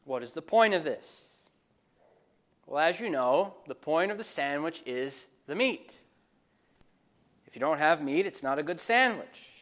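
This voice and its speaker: A man's voice: on the high side, animated, measured pace, long pauses, a bit bright. A man preaching an expository sermon, driving points home with emphatic rhetorical questions. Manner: emphatic, rhetorical questions, stressing key words.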